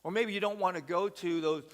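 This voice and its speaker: A man's voice: high-pitched, big-room sound. A man preaching a sermon as pastor, folksy and conversational, often dropping "man" into his sentences. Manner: folksy, peppers speech with "man". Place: church sanctuary.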